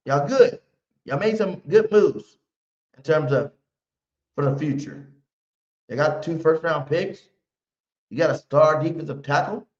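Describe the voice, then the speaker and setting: Fan-stream host, male, brash trash talk, roomy muffled audio. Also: fairly high pitch. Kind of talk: live pregame fan stream.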